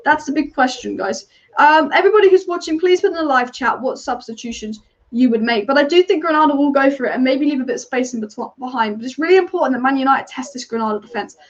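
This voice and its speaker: A woman whose voice sits high and sounds expressive hosts a live football watch-along for her fan channel. She reacts to the match in a chatty, opinionated, rapid-fire way and reads viewer comments, though the highs are cut off.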